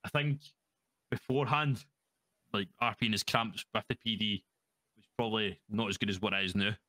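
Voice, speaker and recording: A Scottish man talks as an interview guest in quick, run-on bursts, full of swearing and laughter. His voice is bright and sharp at a middle pitch. The sound is close and dry, with no room around it. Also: steady tone, no room sound. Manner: rambling, sweary, laughs often. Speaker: guest roleplayer. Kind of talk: casual interview chat.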